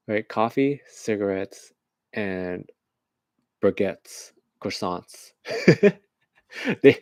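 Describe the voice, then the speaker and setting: A man's voice: on the low side, darkish tone, no echo. A man from the United States giving rambling, joking current-events commentary on a livestream, often laughing at his own jokes.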